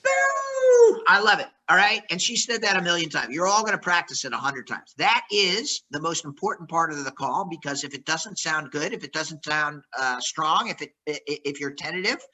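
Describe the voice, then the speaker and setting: Man, sales trainer, high voice, very bright tone, energetic, acts out calls. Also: brisk, few pauses, low-quality recording. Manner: energetic, acts out phone greetings. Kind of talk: live workshop coaching.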